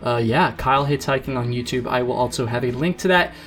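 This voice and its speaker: A young man hosts a podcast in a loose, friendly chat. He laughs often and trips over his words as he restarts sentences, sounding relaxed and unscripted. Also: medium pitch, a little fast, faint music behind. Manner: laid-back, laughs often, many fillers and restarts. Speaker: podcast host. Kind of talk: casual podcast interview.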